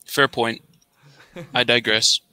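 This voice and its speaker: A man's voice: mid-range voice, level tone, slow, pushed and bright. A man with a Canadian accent, trading laid-back jokes in a casual podcast chat and often trailing off mid-sentence.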